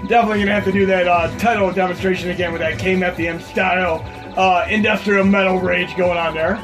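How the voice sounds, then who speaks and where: A man's voice: high-pitched, steady tone, fast talker. A man hosting a retro gaming video, chatting casually and enthusiastically over gameplay, rambling with frequent fillers. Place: home computer setup. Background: loud game music.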